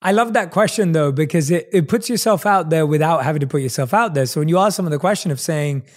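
A man hosting a conversational interview, his voice sitting a little high. He affirms what his guest says and follows up with thoughtful, reflective questions. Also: quick pace. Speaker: podcast host.

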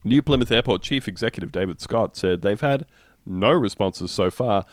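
A man's voice: on the low side, normal speed, no room sound, clean studio sound. A man hosting a podcast in wry, jokey casual chat. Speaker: podcast host.

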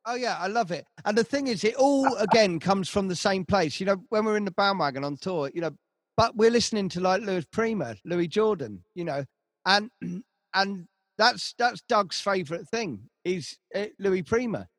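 This is a man managing a band, recounting tour stories in a relaxed chat. His voice sits high for a man and the sound is dry and close. He rambles, restarts lines and swears often. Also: moderate pace, no echo. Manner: rambling storytelling, heavy swearing, frequent restarts. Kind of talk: casual conversation.

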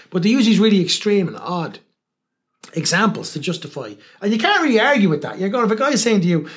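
Animated, fast-talking man. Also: high voice. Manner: animated storyteller, acts out quoted people, swears freely. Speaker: guest, television presenter. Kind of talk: casual anecdotal interview talk.

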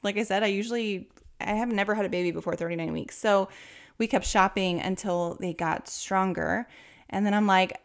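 A podcast host in her thirties, speaking with a lowish voice and vocal fry at a moderate pace, tells her listeners a personal story. She's chatty, laughs often, and gets animated when quoting others.

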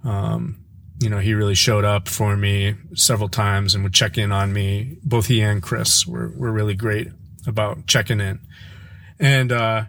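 A man chatting as a podcast guest, telling personal stories in a casual, animated way that sometimes halts and restarts. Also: creaky, no room sound. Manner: animated, playful, jumps into high voices mimicking his kids; halting, with frequent restarts when reflective. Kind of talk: casual conversational storytelling.

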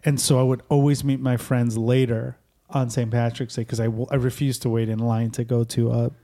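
Male host from Chicago, relaxed warm tone, playful interviewer. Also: medium pitch, fairly quick. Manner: joking, asks guest questions. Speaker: podcast host. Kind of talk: casual chat.

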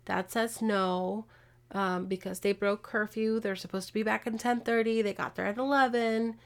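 A woman hosting a podcast, casually retelling a true-crime case with animated, exasperated asides. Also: mid-range voice, normal speed. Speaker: podcast host.

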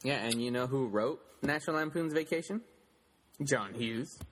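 A man's voice: medium pitch, moderate pace. A man co-hosting a podcast, chatting loosely and teasing his co-host. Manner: chatty, joking, talks over his co-host. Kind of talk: casual podcast chat.

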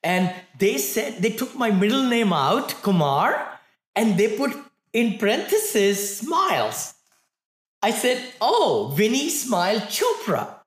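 A man's voice: high-pitched, sing-song, slow pace, a bit bright, echoey room. Upbeat Indian-accented man in his sixties. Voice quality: cheerful, laughs often, upbeat and eager. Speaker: guest. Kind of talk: casual chat.

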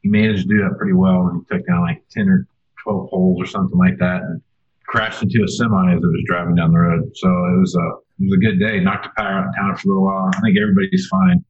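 A man's voice: low voice, fast, slightly rough. A man on a podcast panel telling a story in a laid-back, matter-of-fact way over dull lo-fi remote audio. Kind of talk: casual podcast chat.

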